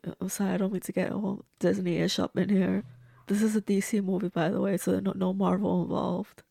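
A woman's voice: mid-range voice, little pitch movement, fairly quick, gravelly, dark tone, dry recording, clean studio sound. A woman reacting to a movie as she watches it, gushing and blunt, talking back at the screen. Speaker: movie reviewer. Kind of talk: casual movie reaction commentary.

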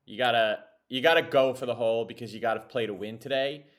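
A man's voice: mid-range voice, quick pace, a bit bright. A man chatting casually about golf as a podcast co-host, joking and laughing often.

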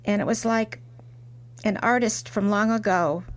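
A middle-aged woman being interviewed, telling her story in a reflective way and restarting her sentences softly. She is a porcelain artist guesting on a talk show. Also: mid-range voice, fairly even intonation, a little slow. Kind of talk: interview conversation.

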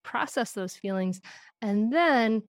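A woman appears as a podcast guest discussing parenting, her voice fairly high, expressive, and unhurried. The studio-quality recording has no room sound. She tells animated stories and laughs often.

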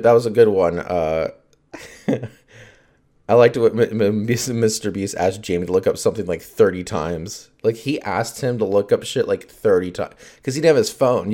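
A man with a very low, deep voice talks alone into a podcast mic, loose and unscripted. He rambles from thought to thought, leaning on "like", swearing freely and breaking into laughs. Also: a little fast, mellow. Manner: rambling, heavy on fillers, swears, laughs often. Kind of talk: casual solo podcast chat.

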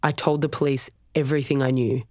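A sheepish young man, as a narrator reads him, quietly earnest and quick. The read is close and dry. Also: mid-range voice, level tone, dry recording, natural voice. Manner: earnest, murmuring. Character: apologetic young man, pleading.

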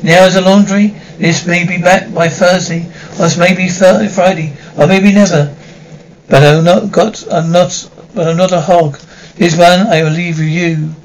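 An actor playing a greedy French hotel waiter who is blackmailing guests, with a French accent and oily, polite, halting phrasing, in 1950s TV drama style. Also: male voice, sits high, fairly even intonation, a little hiss or hum, poor audio. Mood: mocking.

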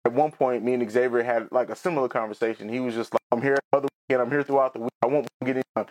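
A man's voice: medium pitch, fairly even intonation, very fast, darkish tone. A man in his thirties hosting a podcast, telling a personal story in a candid, rambling way with many restarts and some tears. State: tearful. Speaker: podcast host.

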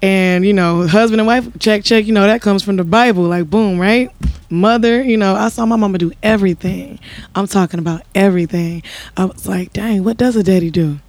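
A woman guest on a talk show, telling her story with lively acted-out quotes. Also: mid-range voice, a little fast. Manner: animated storyteller, acts out quotes. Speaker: podcast guest, married singer. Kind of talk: casual conversation.

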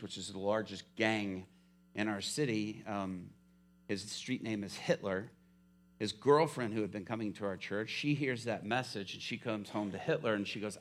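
A male pastor preaching a sermon, telling a story with lively swings from hushed to loud. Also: on the low side, moderate pace.

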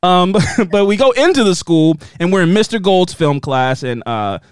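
A man co-hosts a casual recap podcast, joking and throwing in quick asides. His fairly high voice swoops up and down a lot. The sound is dry and close. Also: lively intonation, clear, resonant tone, no echo. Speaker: podcast co-host recapping a TV series. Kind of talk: casual chat.

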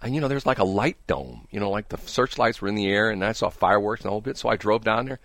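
A man's voice: lowish voice, animated, fast talker, fairly bright tone, no room sound. A man hosting a radio talk show, chatting casually and rambling with jokes and restarts. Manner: rambling, joking, frequent restarts.

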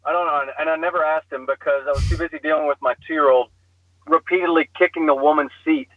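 A man's voice: on the high side, quick pace, dry recording. Man telling a story over a muffled phone line. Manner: animated, self-deprecating, laughs while telling. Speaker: guest storyteller. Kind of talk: casual storytelling. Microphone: phone call.

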